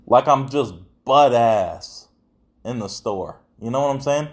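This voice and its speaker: A man's voice: mid-range voice, unhurried. A young adult man hosting a podcast, talking in casual, rambling chat full of slang and swearing. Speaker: podcast host.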